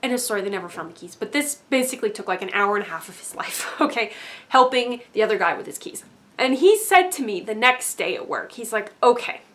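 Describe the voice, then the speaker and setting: A woman's voice: medium pitch, expressive, fairly quick, fairly bright tone. A woman vlogger telling a casual story-time monologue, rambling and filling her talk with fillers and tag questions.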